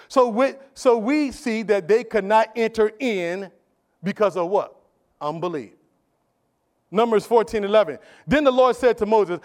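High-voiced preacher calling for responses. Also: male voice, lively intonation, a little fast. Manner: emphatic, repetitive, call-and-response with the congregation. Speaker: pastor. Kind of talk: sermon.

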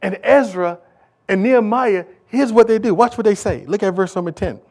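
A man preaching a sermon, moving from quiet, conversational asides to loud, shouted exhortation, with casual folksy remarks. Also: high voice, normal speed. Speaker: pastor.

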